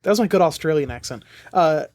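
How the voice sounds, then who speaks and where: A young man co-hosting a podcast, trading deadpan, crude jokes in casual banter. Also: fairly high pitch, fast talker. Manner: deadpan, crude jokey riffing. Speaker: podcast co-host.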